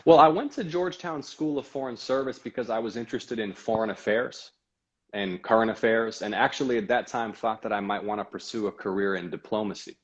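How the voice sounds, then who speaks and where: A man running for office, answering interview questions in an earnest, measured way. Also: on the low side. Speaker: guest, political candidate. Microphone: video call. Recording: dull lo-fi video call audio.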